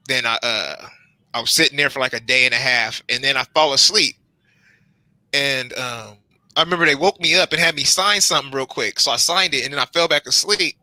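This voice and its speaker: A young man telling his own hospital story on a panel, lively and acting out his reactions in quoted lines. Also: mid-range voice, dry recording, low-quality recording. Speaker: transplant patient on a panel. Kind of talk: animated personal storytelling.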